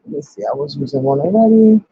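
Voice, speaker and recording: A man hosting a casual crafting tutorial, talking his steps through out loud with plenty of ums. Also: a little high, lively intonation, fast talker, husky, dull audio. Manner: chatty, thinks aloud with many ums. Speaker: crafting channel host.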